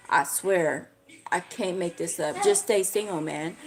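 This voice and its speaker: A woman's voice: medium pitch, moderate pace. A young woman ranting on a casual livestream, blunt and profane. She piles up slangy asides and talks with lots of animation. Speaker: livestream host.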